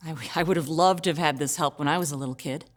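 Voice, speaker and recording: A woman in her forties from Illinois, telling a personal story in an animated, comic and expressive way. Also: low voice, fast talker.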